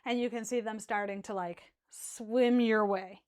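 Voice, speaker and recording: A woman's voice: mid-range voice, steady tone, measured pace, a little mellow, clear, resonant tone. A woman narrating a tabletop game as dungeon master, chatty and full of fillers and giggles.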